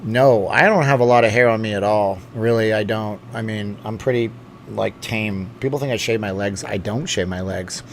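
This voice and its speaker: A man's voice: fairly low pitch, normal speed, slight background noise. A middle-aged man hosting a casual livestream from home, reading chat and rambling with many restarts and asides. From lives in Las Vegas. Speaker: channel host reading live chat. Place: home room.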